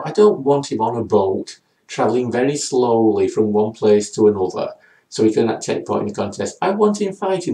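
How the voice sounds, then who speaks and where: Sarcastic, gravelly man. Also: medium pitch, dark tone. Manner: sarcastic, rambling. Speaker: comics reviewer. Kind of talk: comedic review monologue.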